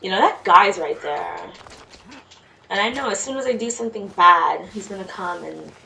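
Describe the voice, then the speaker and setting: Woman, casual game commentary, mutters along, creaky voice, slightly off-mic, faint hiss. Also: medium pitch, big pitch swings, normal speed, bright, forceful tone. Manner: chatty, mutters to herself while playing. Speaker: let's play gamer. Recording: distant mic with faint noise.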